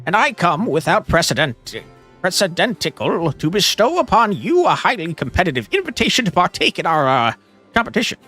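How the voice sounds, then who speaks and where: A man's voice: sits high, big pitch swings, brisk, pushed and bright, faint music behind, full character voice. A man reading out a pompous, long-winded male count in a video game, in a grandiose, overly formal manner. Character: pompous verbose male count, fawning herald. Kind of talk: reading game dialogue aloud.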